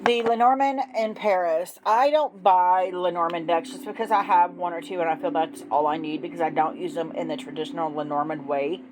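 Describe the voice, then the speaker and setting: A woman's voice: fairly low pitch, steady tone, a little fast, hardly any pauses, a little hiss or hum, low-quality recording. Chatty woman gushing over tarot decks. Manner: chatty and gushing, many ums. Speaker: tarot deck reviewer. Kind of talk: casual unboxing chat. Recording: background music playing.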